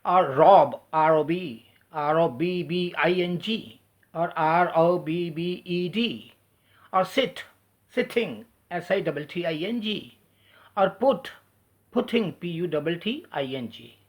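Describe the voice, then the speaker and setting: Fairly high-voiced man spelling words out. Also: lively intonation. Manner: spells words out letter by letter, slow deliberate delivery. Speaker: English teacher. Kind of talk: spelling lesson switching between English and Hindi.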